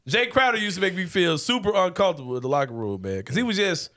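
A man's voice: high voice, fast. Rowdy joking male podcast host. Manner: animated, joking, loud laughter, slangy. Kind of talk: casual sports talk.

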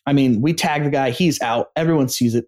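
Animated man telling a coaching story. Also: mid-range voice, brisk. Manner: animated storyteller, acts out quotes, swears freely. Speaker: podcast co-host. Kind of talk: casual sports podcast chat.

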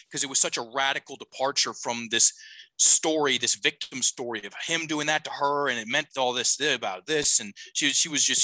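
A man's voice: mid-range voice, bright, forceful tone, dry recording, poor audio. A middle-aged man, a life coach, telling a long story on a podcast, restarting sentences and checking in with "okay?". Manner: rambling, self-correcting, frequent "okay?" check-ins.

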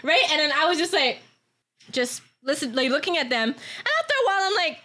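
A young woman telling a story in casual chat, animated and laughing, acting out the voices of the people in it. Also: high-pitched, brisk.

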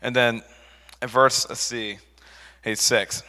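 A man's voice: medium pitch, level tone, very slow, long pauses, pushed and bright. A man giving a casual Bible talk to a youth group, chatty and repeating himself as he reads scripture aloud. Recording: echoey hall with long reverb.

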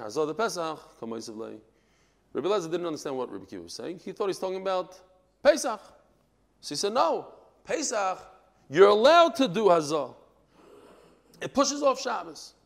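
A man teaching a Talmud class, explaining a passage with animated exclamations and quiet asides, mixing in Hebrew and Aramaic terms. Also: a little high.

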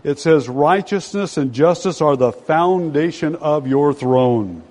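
A man preaching a sermon in a slightly high voice, pressing on key words and pulling the congregation in with rhetorical questions. His voice rings out with a long hall reverb around it. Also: lively intonation, takes it slowly, darkish tone. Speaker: pastor.

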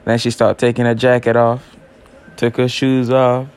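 Brief: late-teens male podcaster, loose joking monologue full of slang, mid-range pitch. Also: completely flat delivery, normal speed, darkish tone, smooth. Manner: rambling, joking, heavy slang and cussing. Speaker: podcast host. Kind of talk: casual solo podcast monologue.

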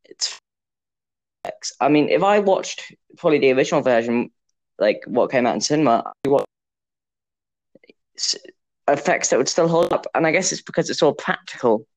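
A man's voice: medium pitch, expressive, moderate pace, long pauses. A young man hosting a casual film podcast, talking in a chatty, enthusiastic, rambling way. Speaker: podcast host.

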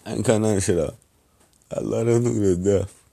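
A man hosting a podcast, giving loose, rambling shout-outs in heavy slang and profanity. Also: fairly low pitch, a little fast, vocal fry. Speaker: podcast host.

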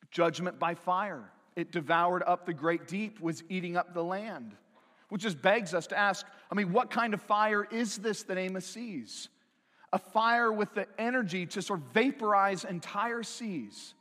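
A man preaching a sermon as a pastor, talking in a conversational way, often tagging lines with "right?" and slowing down to stress key phrases. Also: sits high, fairly bright tone, long reverb tail.

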